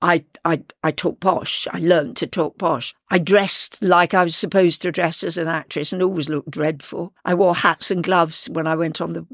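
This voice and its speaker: Older London actress, gravelly, dry close sound, lively raconteur. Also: female voice, lowish voice, normal speed, hardly any pauses, dry recording. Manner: lively anecdotal, acts out quoted voices. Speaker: actress guest. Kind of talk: interview storytelling.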